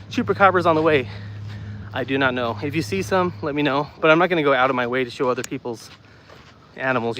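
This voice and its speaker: A man's voice: on the high side, background noise. A man chatting casually with his live viewers while walking outdoors, out of breath, talking loosely and repeating himself into a phone mic. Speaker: streamer doing a walking livestream. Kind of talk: casual chat reading live comments. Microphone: phone mic, no external mic.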